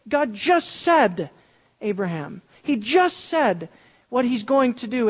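A preacher delivers an animated sermon, repeating words for emphasis. The voice sits at a middling pitch. A long reverb from a large hall hangs on every phrase.

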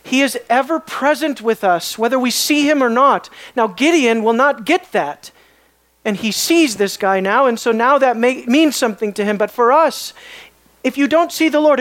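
A Bible teacher giving an expository lecture, often pausing to put questions to the students. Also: medium pitch, lively intonation, fairly bright tone. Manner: questioning, emphatic, pauses to ask the class.

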